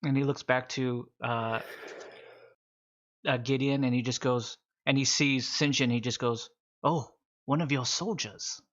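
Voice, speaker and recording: A man's voice: mid-range voice, level tone, measured pace, fairly bright tone, muffled recording. A man narrating a tabletop game as game master, describing scenes in a loose, rambling way.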